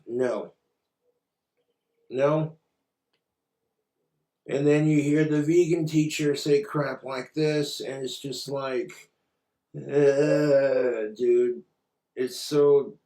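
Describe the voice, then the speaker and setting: A man's voice: mid-range voice, warm tone, reverberant. A man ranting in a commentary vlog, sarcastic, exasperated and full of swearing. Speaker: commentary vlogger.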